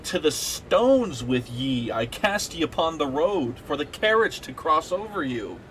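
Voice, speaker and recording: Dude doing a slow dramatic old-timey curse voice, kinda raised. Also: male voice, on the high side, sing-song, a bit bright, slight background noise, low-quality recording. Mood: mock-grave. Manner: slow, theatrical, old-fashioned speech. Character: archaic man pronouncing an old-world curse.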